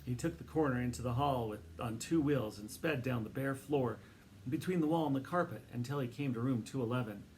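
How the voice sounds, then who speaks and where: A man narrating a children's book aloud in a steady, expressive reading voice. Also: medium pitch, a little fast, slight background noise.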